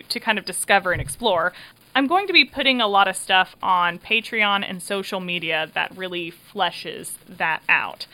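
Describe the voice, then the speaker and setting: A woman who created and hosts a podcast chats casually through its wrap-up in a medium-pitched, sharp voice. She laughs often and fills gaps with um and uh.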